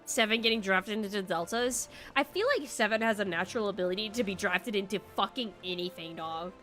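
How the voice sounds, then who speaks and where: A woman's voice: medium pitch, a little fast, pushed and bright, soft background music. A young woman streamer reacting casually and with frequent swearing as she plays a game. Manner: laughing, swearing, chatty reactions.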